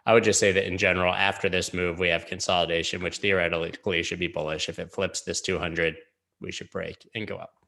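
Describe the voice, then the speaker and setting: A man's voice: deep voice, level tone, brisk, vocal fry, pushed and bright. A man hosting a live-streamed chart analysis, rambling casually with jokey asides. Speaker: crypto chart analyst host.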